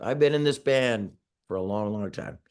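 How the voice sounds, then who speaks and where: A man's voice: lowish voice, normal speed, darkish tone. A man in his sixties, a singer being interviewed over a video call, talking casually in a rambling way with many restarts and chuckles. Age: 60s.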